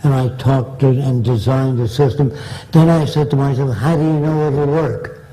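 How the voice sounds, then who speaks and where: A man's voice: mid-range voice, fairly even intonation, moderate pace, warm tone, poor audio. An older man answering audience questions with long, blunt, rambling anecdotes, acting out the people he quotes. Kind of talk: anecdotal storytelling in a Q&A.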